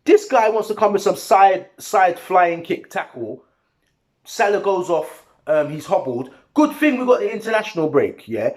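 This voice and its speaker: Animated man in a slangy football rant. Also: sits high, normal speed. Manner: animated, heated, slangy and repetitive. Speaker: football fan vlogger. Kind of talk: post-match reaction rant.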